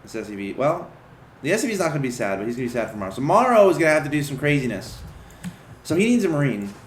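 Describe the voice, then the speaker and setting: A man doing casual esports commentary on a strategy game match, chatty and excitable. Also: on the high side, rapid-fire, echoey room, slight background noise.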